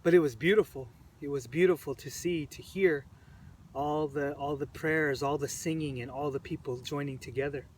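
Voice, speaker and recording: A man recounting events to the camera in an earnest, halting way, repeating phrases, his voice emotional and choked up. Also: on the high side, fairly even intonation, a little mellow. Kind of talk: personal storytelling to camera. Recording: distant mic with faint background noise.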